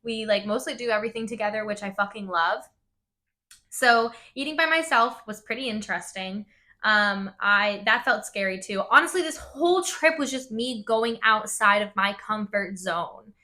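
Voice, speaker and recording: A woman's voice: mid-range voice, expressive, normal speed, bright, forceful tone. A woman hosting a wellness podcast, telling a personal story in a casual, open way, swearing and saying "like" a lot. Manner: casual, swears, lots of "like" fillers. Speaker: podcast host.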